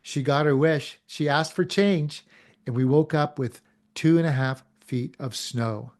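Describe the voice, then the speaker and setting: A man with a fairly high speaking voice delivers a motivational talk to an online audience. He is animated and theatrical, firing rhetorical questions and acting out short quotes in between. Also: a little slow. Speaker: motivational speaker and show host.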